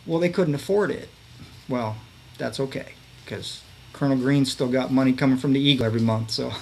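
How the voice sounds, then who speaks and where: A veterans advocate in his fifties appears as a podcast guest, telling stories in a rambling, casual way with lots of fillers and restarts. His medium-pitched voice is brisk with vocal fry, and there's slight background noise.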